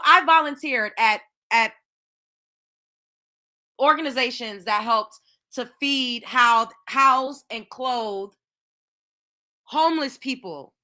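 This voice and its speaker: Heated, profane high-voiced woman host. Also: pushed and bright. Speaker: show host. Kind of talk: ranting commentary.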